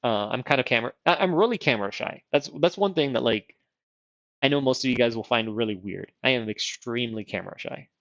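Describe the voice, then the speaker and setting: A rambling man streams a strategy game and thinks out loud, poking fun at himself as he goes. His voice is gravelly and his speech slightly affected by dental retainers. The mic sounds dry and a little dull. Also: mid-range voice, no echo. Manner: rambling, self-deprecating, thinks aloud. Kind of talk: casual game livestream chat.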